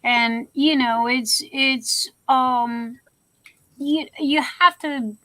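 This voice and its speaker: A woman with a high, bright voice chats on a livestream. She talks in a folksy, teasing way and hands out blunt tough-love advice. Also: steady tone, extremely slow, no echo, poor audio. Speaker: livestream host. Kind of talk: casual livestream chat.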